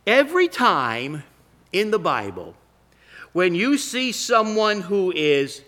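A middle-aged man preaching a sermon as pastor, reading scripture aloud and slowing down to stress key phrases. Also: sits high, wildly swooping pitch, bright, forceful tone.

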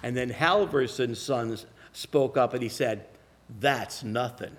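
A man preaching a sermon, telling folksy stories and slowing down to press his points. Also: medium pitch. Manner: folksy storytelling with slow emphatic phrasing.

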